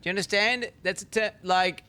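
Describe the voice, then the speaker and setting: A man's voice: sits high, steady tone, fairly quick, bright, forceful tone, smooth. A man in his thirties streaming a game and chatting loosely with his viewers, swearing constantly and joking around. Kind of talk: casual live-stream chat.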